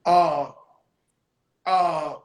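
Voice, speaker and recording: A man's voice: fairly high pitch, fairly even intonation, drawn-out words, roomy sound, rough recording. A man hosting a casual interview, brash and swearing freely, talking hype. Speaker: host.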